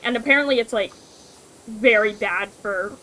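Chatty woman streamer, a little high. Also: normal speed, sharp tone, low-quality recording. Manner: chatty, swearing, laughs often. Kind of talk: casual chat while gaming.

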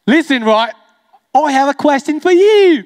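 A man voicing a nosy British man who quizzes him with drawn-out, exasperated questions in a stand-up act. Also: very high voice, animated, darkish tone, voice pushed up.

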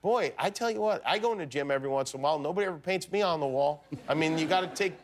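A man's voice: fairly high pitch, rapid-fire. Dry-witted male talk show host. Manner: dry, joking questions. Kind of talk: late-night interview.

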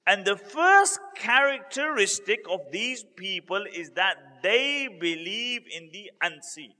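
A male preacher tells a religious story in a high, ringing voice. He repeats key points for emphasis and builds into lively retellings. His voice trails off in a long reverb, as in a large hall. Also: slow pace. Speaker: Islamic preacher.

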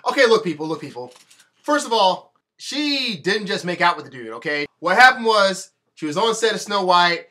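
Bright, exasperated young ranting vlogger. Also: male voice, high voice, sing-song, moderate pace. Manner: exasperated and emphatic. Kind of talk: ranting celebrity-news vlog.

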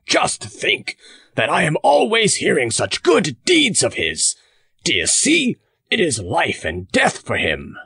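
A male audiobook reader voicing a blustering, hearty farmer who lectures with loud emphasis. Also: on the high side, huge pitch swings, slow pace, vocal fry, slightly rough, dry recording, pitched above the performer's own voice, heavily acted. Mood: emphatic.

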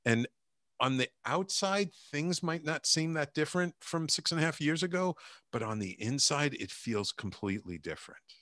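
Animated middle-aged man telling a story. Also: normal speed, no room sound, clean studio sound. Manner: animated, acts out quotes with rising pitch. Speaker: podcast guest, healer and coach. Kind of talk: casual storytelling.

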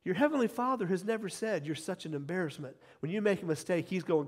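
A middle-aged man preaching a sermon as pastor, emphatic, repeating key phrases and swinging from quiet asides to loud cheering. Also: high voice, fast talker, hardly any pauses, very noisy. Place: church sanctuary. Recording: long hall reverb.

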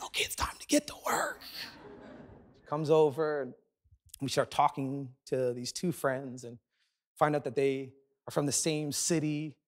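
A man preaching a sermon as a pastor, telling a personal story with animated, self-deprecating humor and quick asides. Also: on the high side. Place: large church auditorium.

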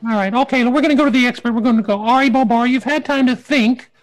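A man's voice: very high voice, fast talker, poor audio. A man hosting a comic talk show, chatty and self-mocking, often stumbling over his words. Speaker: host.

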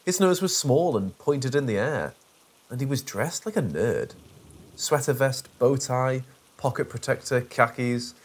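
A man's voice: medium pitch, animated, measured pace, slightly rough. A man narrating a first-person horror story in a dry, sarcastic way.

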